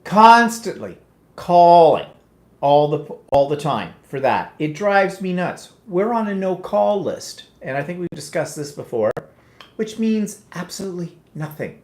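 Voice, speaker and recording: A man's voice: high voice, big pitch swings, a little slow, darkish tone. A man co-hosting a casual live chat show, teasing his co-host and steering the talk back on track. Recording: roomy echo.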